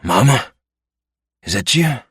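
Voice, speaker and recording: A man's voice: medium pitch, big pitch swings, slow, fairly bright tone, slightly rough, no echo, studio quality, pitched above the performer's own voice, heavily acted. A man voicing a feverish, dying male biker who calls for his mother, his voice ragged and choked with crying. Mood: delirious, pleading.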